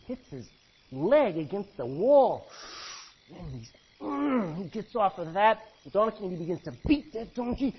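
A man's voice: high-pitched, slight background noise. Male pastor, folksy sermon delivery, muffled lo-fi sound. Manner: folksy, conversational preaching with asides. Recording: dull lo-fi recording.

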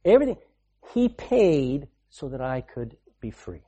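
A man preaching a sermon, repeating phrases for emphasis and swinging between loud and hushed delivery. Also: mid-range voice, big pitch swings, a little slow, slightly rough, muffled recording.

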